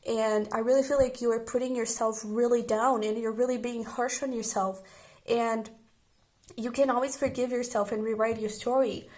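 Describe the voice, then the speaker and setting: Gentle, higher-voiced woman reading tarot. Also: fairly even intonation, moderate pace. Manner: gentle and reassuring, speaking directly to the viewer. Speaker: tarot reader. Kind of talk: casual pick-a-card tarot reading.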